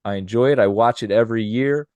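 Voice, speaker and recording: A man co-hosting a casual podcast chat, upbeat and quick to laugh. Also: on the low side, darkish tone, clear, resonant tone, no room sound, dull audio. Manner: upbeat, laughs often, does playful impressions. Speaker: podcast co-host.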